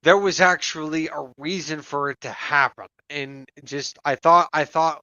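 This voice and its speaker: Gravelly, bright man on dull lo-fi audio. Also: fairly high pitch, no echo. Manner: halting, repeats himself while thinking aloud. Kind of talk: casual comedic chat. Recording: dull lo-fi sound.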